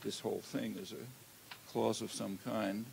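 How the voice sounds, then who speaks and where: Older male lecturer, low creaky voice, halting delivery, faint hiss. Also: fairly even intonation, darkish tone, low-quality recording. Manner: measured, halting, many "uh" fillers. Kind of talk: academic lecture. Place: lecture hall. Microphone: handheld or lectern mic.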